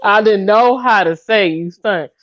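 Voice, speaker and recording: A woman in her fifties telling a funny story in casual chat, animated and laughing as she acts out what people said. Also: mid-range voice, a little slow, no room sound, highs cut off. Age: 50s.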